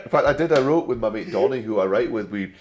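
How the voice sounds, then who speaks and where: A man with a soft Glasgow accent and a slight English polish speaks in a deep, low register. He talks as an interview guest and tells anecdotes at an easy conversational pace. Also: animated, fast talker, highs cut off, a loud crowd. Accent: gentle Glasgow, slightly anglicised. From Glasgow, Scotland. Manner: chatty anecdotal storyteller. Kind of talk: casual interview chat.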